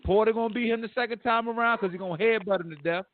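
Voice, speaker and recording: A man hosting a podcast, ranting about sports in casual slang with lots of animated trash talk. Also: high voice, very fast, no echo. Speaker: podcast host. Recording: phone-like narrow audio.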